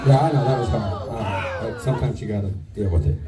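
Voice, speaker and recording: A man giving a crude, self-deprecating roast speech at a party, with halting fillers. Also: fairly low pitch. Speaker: retirement roast speaker. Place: banquet room with a crowd. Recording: distant mic, noisy room. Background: crowd laughter and chatter.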